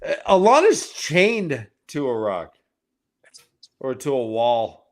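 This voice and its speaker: A man's voice: mid-range voice, sing-song, takes it slowly. A man co-hosting a casual book discussion, recapping a chapter in a rambling way with many fillers. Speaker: podcast co-host summarizing chapters.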